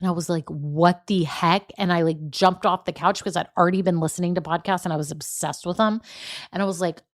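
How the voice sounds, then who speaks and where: A woman's voice: fairly low pitch, fairly even intonation, fast. A middle-aged woman with a Southern American accent, from Texas, hosting a motivational solo podcast in a chatty, encouraging way. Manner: chatty, encouraging, says y'all and right. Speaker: podcast host.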